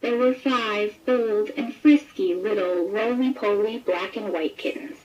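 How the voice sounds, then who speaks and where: Slow, gentle woman reading a storybook. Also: mid-range voice, lo-fi sound. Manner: gentle, expressive read-aloud. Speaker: storybook narrator. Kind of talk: scripted children's story narration.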